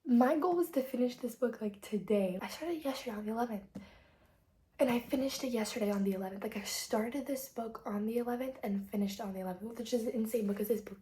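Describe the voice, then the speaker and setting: A teenage girl on a casual vlog, gushing and excitable, full of "like", sometimes dropping to a whisper. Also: a little high, quick pace, a little hiss or hum. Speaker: book vlogger. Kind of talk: casual chat.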